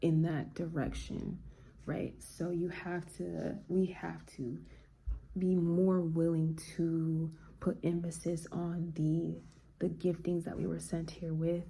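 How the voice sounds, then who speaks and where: A woman vlogger talking in a relaxed, slangy, reflective way. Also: on the low side, slow pace, gravelly, breathy edge. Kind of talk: casual chat.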